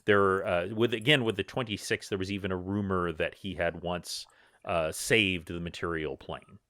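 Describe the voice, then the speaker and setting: Male game master rambling thru the story, lowish bright voice, lots of uhs. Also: steady tone, normal speed, no echo, clean studio sound. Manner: loose and rambling, many fillers. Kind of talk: narrating a tabletop game.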